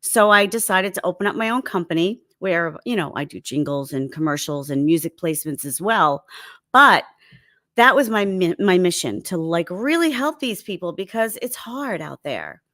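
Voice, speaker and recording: A woman's voice: lowish voice, very animated, normal speed, a bit bright. A woman appearing as a guest musician and jingle writer, speaking in a friendly, upbeat way. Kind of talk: casual interview chat.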